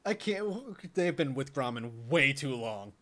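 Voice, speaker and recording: A man's voice: medium pitch, expressive, measured pace, sharp tone. A man playing a tabletop game, making wry joking asides. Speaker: player. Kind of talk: casual chat.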